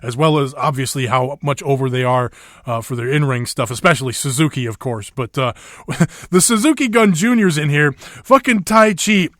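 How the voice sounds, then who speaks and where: A man's voice: medium pitch, moderate pace, fairly bright tone, no room sound, studio quality. A man hosting a wrestling podcast, chatting casually with fillers and swearing freely. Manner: laid-back, swears freely, frequent fillers and laughs. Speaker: podcast host.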